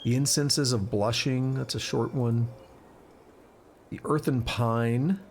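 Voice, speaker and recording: A man's voice: mid-range voice, steady tone, slow pace, darkish tone, a little hiss or hum. A man streaming a game live, chatting casually and reading in-game text aloud, stumbling over words and correcting himself.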